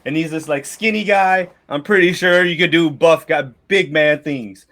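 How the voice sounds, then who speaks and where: A man's voice: on the high side, normal speed, fairly bright tone. A man narrating a tabletop game as game master, rambling with restarts and casual swearing.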